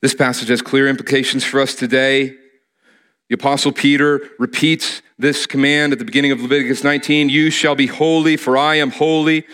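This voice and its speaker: A man's voice: mid-range voice, flat delivery, brisk, fairly bright tone, smooth. Earnest male preacher. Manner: earnest, repeats key phrases for emphasis. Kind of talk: sermon.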